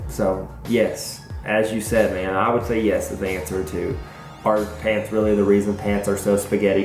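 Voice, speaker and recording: A man's voice: mid-range voice, darkish tone. Playful Southern man in echoey room. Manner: playful, self-mocking, rambling. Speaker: school principal answering viewer questions. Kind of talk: casual Q&A vlog. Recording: echoey room with faint music.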